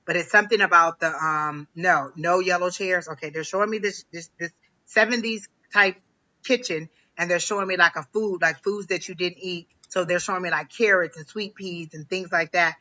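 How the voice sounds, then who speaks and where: A man giving a live psychic reading on a stream, talking in a halting way, repeating phrases with many ums. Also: high-pitched, fairly even intonation, sharp tone, low-quality recording. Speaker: psychic reader.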